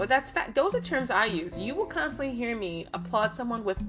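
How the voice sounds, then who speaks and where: A woman with a fairly high voice speaks earnestly to her listeners, giving a motivational talk in a casual, direct way. She keeps checking in with short asides as she goes, and guitar music plays clearly beneath her voice. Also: very animated, moderate pace, hardly any pauses. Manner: talks with lots of "okay?" and "right?" check-ins. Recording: guitar music playing behind the voice.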